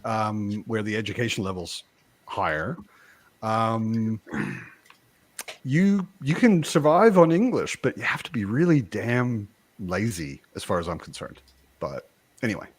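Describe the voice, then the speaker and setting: A man born in the United States hosting a casual live chat, talking in an animated way with frequent restarts. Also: lowish voice, unhurried. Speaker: host.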